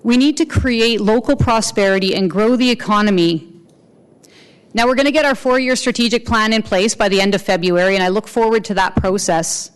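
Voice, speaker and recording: A woman delivering a formal civic speech in an earnest, measured way. Her voice is smooth and clear, and her pitch sits in a middle range. She pauses between phrases like someone speaking from a podium. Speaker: mayor giving an inaugural address.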